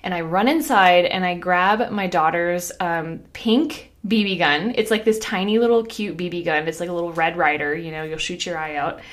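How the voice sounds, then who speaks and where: Animated chatty woman podcast host. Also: on the low side, moderate pace, hardly any pauses. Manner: animated, laughing, heavy use of "like". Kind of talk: casual storytelling monologue.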